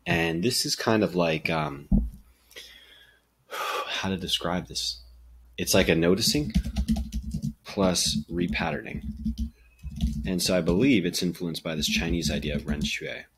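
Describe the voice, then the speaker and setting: A man's voice: low-pitched, lively intonation, unhurried, creaky, long pauses, fairly bright tone, husky. Young male vlogger, bottom-of-the-range voice, casual and rambling, self-deprecating. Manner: meandering, many fillers, self-deprecating. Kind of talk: casual reflective monologue.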